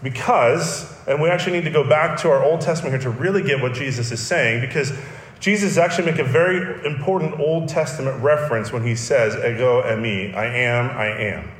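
A man's voice: a little high, a little fast. Man preaching in a roomy hall. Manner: earnest teaching, emphatic repetition. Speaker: pastor. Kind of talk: sermon.

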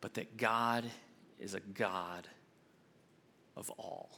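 A young adult man, an associate minister, preaching a sermon with expressive swings from emphatic to hushed. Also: fairly low pitch, very slow, slight background noise.

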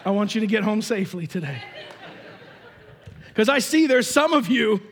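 A man preaching a sermon as pastor in a church, emphatic, swinging between shouted lines and hushed asides. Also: sits high, lively intonation, normal speed, a faint crowd, slight background noise.

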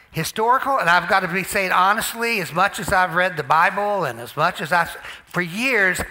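A man preaching a sermon as pastor to his church, loose and conversational, trading jokes with the congregation between points. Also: high-pitched. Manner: lively, joking, conversational preaching. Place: church sanctuary.

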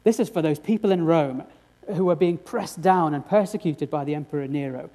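Guy preaching, earnest, lots of questions to the crowd, warm mellow tone, bit high. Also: a little fast. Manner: earnest, with rhetorical questions to the congregation. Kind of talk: sermon.

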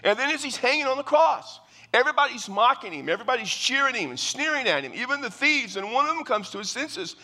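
A man's voice: very high-pitched, big pitch swings, fast talker, bright, forceful tone. A man preaching a sermon as pastor, earnest and emphatic, often repeating his phrases. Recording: long reverb of a large hall.

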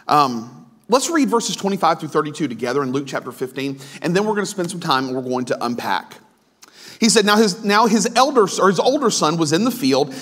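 A man's voice: fairly high pitch, fairly bright tone. A male pastor giving a conversational sermon, full of asides, restarts and questions to the congregation.

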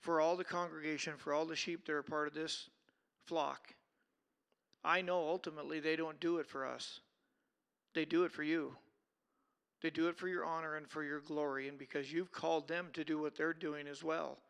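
Pastor guy praying at church, smooth voice, pretty monotone. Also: on the high side, moderate pace. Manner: steady, earnest praying. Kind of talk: closing prayer. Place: church service.

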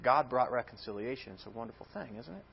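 A man preaching a sermon in an animated way, acting out quoted words as he tells the story. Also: medium pitch, quick pace, vocal fry, slightly rough, lo-fi sound.

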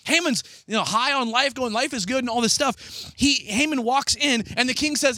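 A man preaching a sermon as pastor, retelling a story and acting out the characters' lines in a lively way. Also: very high-pitched, brisk, dry recording.

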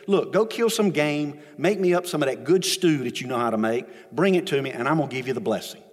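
A man's voice: a little high, brisk, breathy edge. A man voicing an old blind father asking his son to make him stew, in a reverberant church hall. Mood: instructing.

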